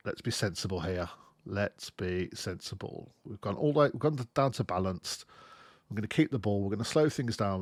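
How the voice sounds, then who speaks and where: A young man giving casual, expressive let's-play commentary on a football management game, swearing freely. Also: fairly low pitch, no room sound. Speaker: gaming YouTuber.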